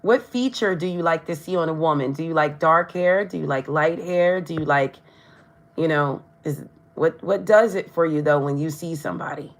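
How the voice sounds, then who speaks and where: Brief: woman tarot streamer, lower voice, chatty, tongue-tied. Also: moderate pace. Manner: stumbles over words, tongue-tied; chatty, addresses viewers directly. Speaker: tarot reader. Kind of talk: live-stream tarot reading.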